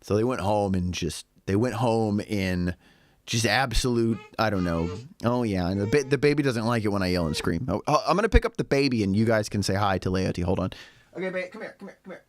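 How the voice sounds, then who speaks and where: A man's voice: lowish voice, fairly quick. A man vlogging, telling a story in a rambling, sarcastic, casual way while a little tipsy. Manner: lively, rambling, with sarcastic asides. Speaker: vlogger living in Shanghai.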